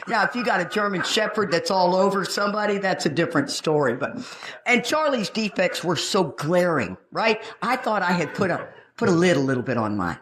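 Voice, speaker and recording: A woman's voice: on the low side, lively intonation, fairly quick, fairly bright tone, slight background noise. A middle-aged woman giving a recovery talk, brash and joking, acting out the people she quotes. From Texas. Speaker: recovery meeting speaker. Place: meeting room.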